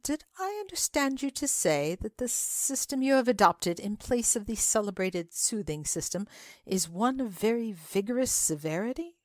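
A woman's voice: medium pitch, big pitch swings, moderate pace, darkish tone, no room sound, studio quality, pitched above the performer's own voice, natural voice. A woman voicing an eager, apologetic young male visitor in a dramatic reading of a classic story, speaking deferentially with polite stammers.

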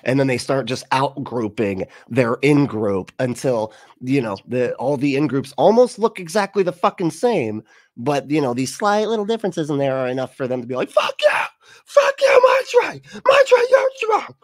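A man's voice: mid-range voice, expressive, normal speed, a little mellow, dry recording, studio quality. A man hosting a casual reaction show, rambling and sarcastic, swearing freely and laughing at what he watches. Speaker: host.

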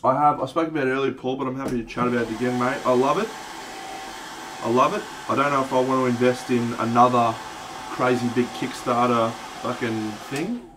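A man's voice: mid-range voice, steady tone, quick pace, background noise. An Australian man chatting casually on a livestream while he paints miniatures, swearing now and then and answering viewers by name. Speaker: streamer.

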